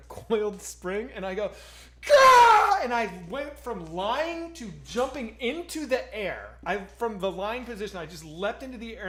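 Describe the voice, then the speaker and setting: A man co-hosting a streamed chat, telling a story in an excitable way and swearing often. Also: high voice. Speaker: stream co-host.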